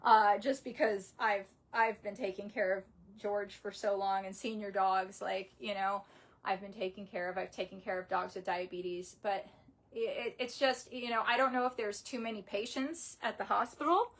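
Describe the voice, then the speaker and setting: A young adult woman telling a painful personal story in a halting, upset way, full of restarts and fillers, grieving and close to tears. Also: medium pitch, steady tone. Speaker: vlogger.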